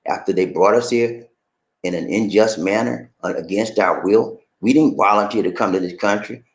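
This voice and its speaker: A man's voice: fairly low pitch, moderate pace, echoey room, low-quality recording. A middle-aged man from the American South, giving emphatic, preachy personal commentary.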